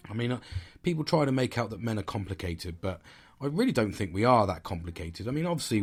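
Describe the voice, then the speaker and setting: A man's voice: lowish voice, slightly rough. A man in his forties hosting a casual solo podcast, blunt and reflective, swearing a lot and rambling as he thinks aloud. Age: 40s. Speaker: podcast host. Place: sitting at home.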